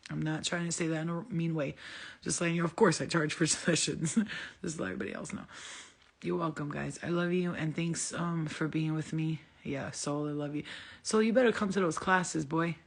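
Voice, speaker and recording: Her voice is fairly low, gravelly and husky, and she talks briskly. Hosting a casual livestream as a spiritual healer, she answers viewers with blunt, profane remarks and frequent laughter.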